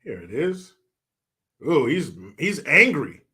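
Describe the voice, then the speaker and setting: Sarcastic husky-voiced commentary man. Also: fairly high pitch, very animated, slow pace, pushed and bright. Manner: sarcastic, muttering, crude asides. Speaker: commentary host. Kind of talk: casual profane commentary.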